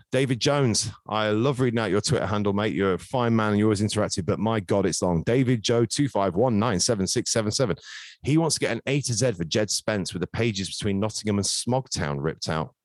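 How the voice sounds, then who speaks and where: A man hosting a casual football podcast, jokey and quick to swear. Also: fairly low pitch, expressive, darkish tone, dry recording, studio quality. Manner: brisk, jokey, swears freely. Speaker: podcast host.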